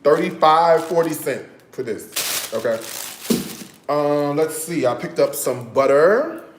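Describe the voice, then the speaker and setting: A chatty man with a drawl hosts a casual cooking livestream, his voice sitting a touch high for a man. He keeps asking "okay?" and calls his viewers "y'all". The sound carries a noticeable echo from a bouncy kitchen. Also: expressive, takes it slowly, background noise. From United States. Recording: echoey room.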